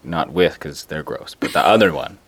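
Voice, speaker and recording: A woman guest on a casual podcast chat. She drops dry, wry remarks. Her voice is unusually deep for a woman, yet it swings widely in pitch. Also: animated, normal speed, slightly rough.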